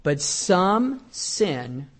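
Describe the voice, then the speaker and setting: A middle-aged male pastor preaching a sermon in a conversational, joking way, reading scripture aloud and swinging between loud and quiet. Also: sits high, sing-song, extremely slow.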